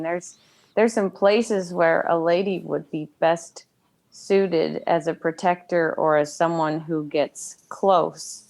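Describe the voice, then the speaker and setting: A woman with a low voice for her sex, speaking as a guest in a relaxed talk. She explains things thoughtfully and at a measured pace. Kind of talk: casual conversation.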